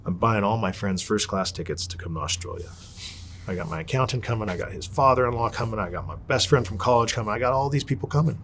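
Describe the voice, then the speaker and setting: A man as an interview guest, telling his story in a casual, animated and blunt way, swearing freely. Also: lowish voice, fast talker, a little hiss or hum.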